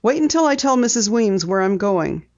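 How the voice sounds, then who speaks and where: A woman's voice: mid-range voice, animated, normal speed, voice pushed up, lightly acted. A woman reading an audiobook, voicing an eager, persistent teenage girl sleuth who presses with questions. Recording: dull lo-fi audiobook recording.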